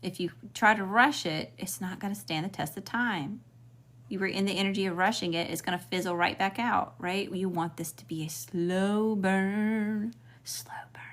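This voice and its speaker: A woman's voice: fairly low pitch, fairly bright tone. A woman with a Southern US accent giving a casual spiritual reading as a tarot reader, talking frankly and swearing freely with chatty asides.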